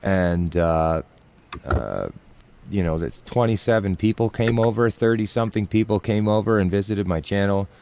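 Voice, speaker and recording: A man's voice: fairly low pitch, moderate pace, noisy background. A man who plays music, chatting casually on a live stream and telling a story with lots of fillers. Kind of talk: casual chat.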